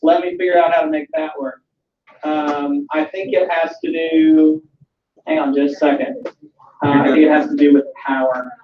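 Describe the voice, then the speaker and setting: A man's voice: on the high side, fairly even intonation, moderate pace. A man with a Southern US accent, a historian chatting with students in a casual Q&A, enthusiastic, with lots of ums and restarts. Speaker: historian answering students' questions. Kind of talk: casual Q&A over a video call. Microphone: video call. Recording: echoey, distant, muffled video call audio with light noise.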